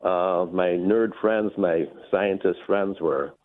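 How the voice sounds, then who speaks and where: Hesitant low-voiced caller on a phone line. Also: male voice, slow pace. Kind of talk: phoned-in radio call.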